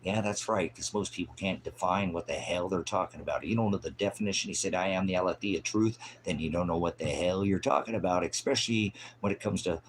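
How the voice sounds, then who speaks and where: A man preaching an improvised, fiery sermon in a mocking, scolding manner, swinging from loud outbursts to low mutters. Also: fairly quick, few pauses, slight background noise.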